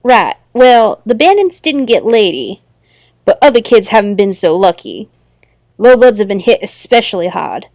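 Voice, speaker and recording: A woman voicing a tough older female troll who speaks calmly with a country drawl, in a game let's play. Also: mid-range voice, moderate pace, dry recording, studio quality. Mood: steady. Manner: country drawl, calm and plainspoken.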